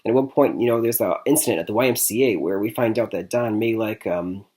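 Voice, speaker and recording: A man's voice: on the low side, quick pace, dark tone. A man from Michigan giving a casual, chatty movie review. He talks loosely, with frequent "I mean" and "like I said", and he laughs often. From Michigan, USA.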